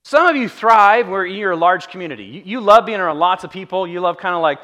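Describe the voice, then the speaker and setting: In a church sanctuary, a pastor delivers a lighthearted, conversational sermon in a high, sharp voice, talking fast and with lots of animation. He brings the characters of his stories to life with quoted voices.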